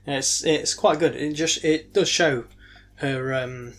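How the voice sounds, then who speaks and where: A man's voice: on the high side, fairly even intonation, unhurried, a crowd in the background. A man co-hosting a podcast, rambling casually with many ums and restarts. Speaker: podcast co-host. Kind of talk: casual chat.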